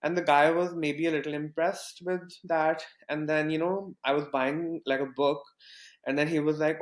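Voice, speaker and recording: A young Pakistani man, guesting on a podcast, rambles through a casual story full of fillers and restarts. His voice is a little high and flat, at normal speed, in a roomy-sounding space.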